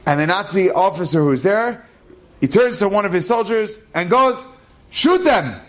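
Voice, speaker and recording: Rabbi guy telling a story, lively, acts out the voices, kinda high voice. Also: moderate pace. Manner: animated, acts out dialogue, casual phrasing. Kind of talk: inspirational storytelling.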